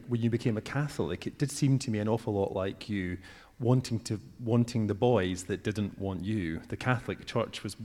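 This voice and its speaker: A male interviewer asking probing questions, often halting and restarting his phrasing. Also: on the low side, darkish tone. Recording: long reverb of a large hall.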